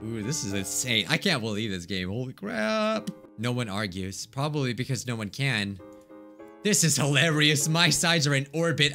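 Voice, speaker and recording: A man's voice: medium pitch, sing-song, normal speed, pushed and bright, soft background music. A young man hosting a let's play, reading visual novel text aloud with dramatic, exclaiming reactions. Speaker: gaming let's play host.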